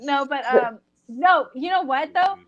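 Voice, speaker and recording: A woman's voice: high-pitched, a little slow, a bit bright, lo-fi sound. A woman from San Diego with a San Diego accent, co-hosting a casual chat over an online call, teasing and giggly. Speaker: podcast co-host.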